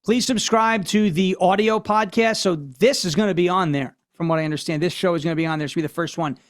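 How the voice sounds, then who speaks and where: A man's voice: high voice, quick pace. A man hosting a political commentary show, talking in a brash, mocking, loose way. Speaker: host.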